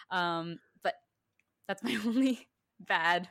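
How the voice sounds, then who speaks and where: A woman's voice: on the high side, expressive, normal speed, a bit bright, no echo, clean studio sound. A woman co-hosting a casual podcast, chatty and giggly with lots of fillers. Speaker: podcast co-host. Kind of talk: casual chat.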